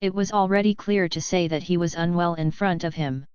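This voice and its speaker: A woman narrating an audiobook novel in a steady, unhurried reading voice. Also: fairly low pitch, smooth, no echo, lo-fi sound.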